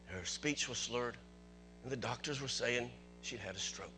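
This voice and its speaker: A man pastor telling a personal story in a sermon in church, chatty at first and rising to excited preaching. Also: mid-range voice, normal speed, soft background music. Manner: conversational, builds to excited preaching.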